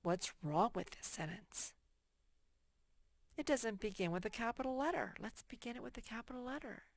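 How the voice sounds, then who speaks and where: A woman teaching a first grade worksheet lesson to young children, patient and slow, reading example sentences aloud with emphasis. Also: a little high, expressive, no room sound.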